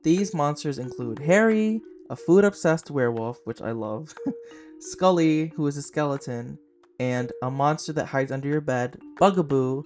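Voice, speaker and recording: A man's voice: medium pitch, moderate pace, darkish tone, soft background music. A man in his twenties hosting a casual film review podcast. He talks in a chatty, gushing way and uses a lot of "like" fillers. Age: 20s. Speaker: podcast host.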